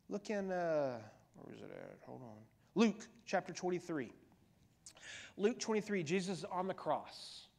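A middle-aged man preaching in a church, his voice sitting a little high for a man. He talks to the congregation in a conversational way, then climbs to loud emphatic peaks and falls away to hushed, near-whispered lines. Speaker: pastor. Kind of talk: sermon. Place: church sanctuary.

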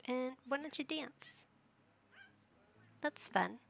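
Slow-talking woman with a gravelly voice. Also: high-pitched, animated, a little hiss or hum. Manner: chatty, talks to game characters, reads menu options aloud. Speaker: gaming YouTuber. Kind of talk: casual gameplay commentary.

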